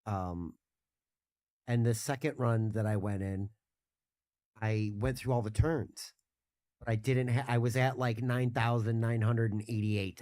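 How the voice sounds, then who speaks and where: A man's voice: mid-range voice, steady tone, a little slow, pauses often, darkish tone, no room sound. A man as a guest in casual podcast chat, telling a gaming story in a rambling way with many restarts.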